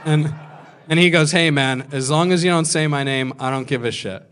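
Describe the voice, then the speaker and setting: A man in his twenties telling a crude story on stage as a stand-up comedian, deadpan with sudden shouted punchlines. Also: fairly high pitch, moderate pace. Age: 20s.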